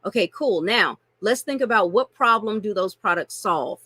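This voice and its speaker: A woman coaching on marketing in an animated, playful way, laughing often and addressing listeners as y'all. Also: mid-range voice, moderate pace, husky, dry recording. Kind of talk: teaching a marketing lesson with acted-out examples.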